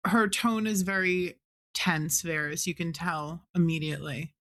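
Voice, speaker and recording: A woman narrating as game master in a tabletop game, describing scenes in a measured way. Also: lowish voice, a bit bright.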